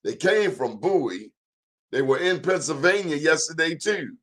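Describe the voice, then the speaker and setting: A man's voice: a little high, expressive, moderate pace. A man hosting his own talk show, giving an emphatic, preachy monologue in a folksy, plain-spoken way. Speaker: show host.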